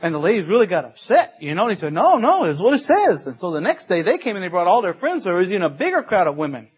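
A middle-aged man with a drawl preaches a sermon, leaning on emphatic repetition and homespun stories. His voice sits fairly high and sounds husky. The recording is dull and lo-fi. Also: very animated, rapid-fire. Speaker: pastor.

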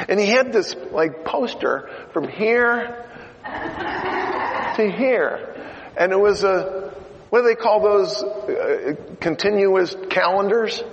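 Gravelly preacher man in a reverberant hall. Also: high voice, lively intonation, takes it slowly, a little hiss or hum. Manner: storytelling, swings from loud exhortation to quiet asides. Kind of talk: sermon. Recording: dull lo-fi sound in a reverberant hall.

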